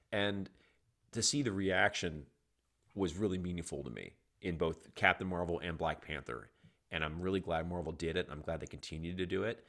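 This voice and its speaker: A middle-aged man co-hosting a casual movie podcast, talking animatedly, laughing often and restarting his sentences. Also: sits low. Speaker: podcast co-host. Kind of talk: casual chat about movies.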